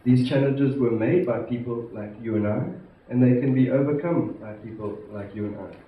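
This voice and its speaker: A man from South Africa, an institute president giving a formal conference address, measured and emphatic, stressing key words. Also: medium pitch. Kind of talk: formal prepared speech to a conference. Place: large conference hall. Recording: echoey hall, distant mic, muffled, faint hiss.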